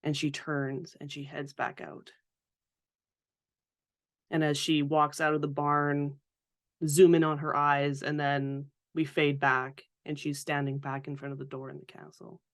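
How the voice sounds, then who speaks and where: A tabletop player calmly describing their character's actions. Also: mid-range voice, measured pace, dry recording, clean studio sound. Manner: calm, descriptive.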